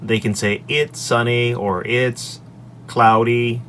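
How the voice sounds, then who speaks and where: A man who teaches English, recorded in his office on a desk microphone, walking through his lesson slides in an upbeat way and saying each example sentence clearly. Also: medium pitch, flat delivery, slow pace, fairly bright tone, slight background noise. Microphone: desk microphone on an extension arm.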